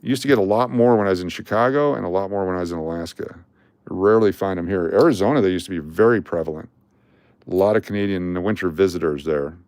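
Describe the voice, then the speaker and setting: Sorting coins on a live stream, an older man jokes and chats, calling out dates and mint marks. His voice sits low and sounds a little mellow, recorded cleanly with no echo. He runs a coin collecting stream.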